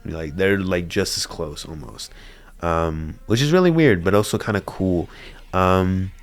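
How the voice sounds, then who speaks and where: A man's voice: sits low, a little slow. A young man talking through his thoughts on an anime film in a casual, rambling way, stammering and restarting now and then with a laugh. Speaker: anime reviewer. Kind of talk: casual spoken review.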